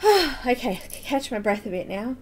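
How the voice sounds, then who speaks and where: A woman's voice: on the high side, sing-song, moderate pace, a little hiss or hum. A woman hosting a live coloring tutorial stream, chatting casually, laughing often and greeting viewers by name. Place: home room with air conditioner running.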